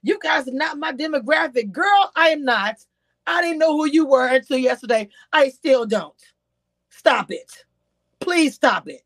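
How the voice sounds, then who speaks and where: A woman giving chatty, animated reality-TV commentary on a livestream, talking straight to her chat. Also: sits high, unhurried, dry recording. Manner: grows exasperated and incredulous. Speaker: YouTube commentator.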